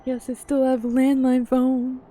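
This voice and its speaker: Giggly woman streamer, mellow voice. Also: sits high, completely flat delivery, measured pace. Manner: chatty, giggly asides. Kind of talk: casual game commentary.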